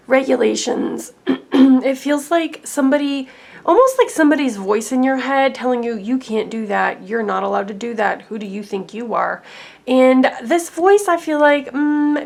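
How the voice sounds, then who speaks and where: Young woman tarot reader, casual and rambling, with a gravelly edge. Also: on the high side. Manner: chatty, heavy use of "like" fillers. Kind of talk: casual pick-a-card tarot reading.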